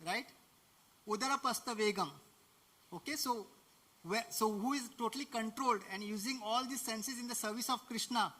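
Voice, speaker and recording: Bright high-voiced man preaching. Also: normal speed. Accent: Indian English. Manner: conversational teaching, frequent laughs and rhetorical questions. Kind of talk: devotional lecture.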